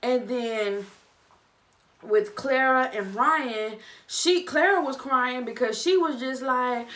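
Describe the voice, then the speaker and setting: A young woman vlogger giving a casual, chatty review, with animated, dramatic reactions. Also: sits high, takes it slowly, distant mic. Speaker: vlogger reviewing a reality show. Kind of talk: casual chat.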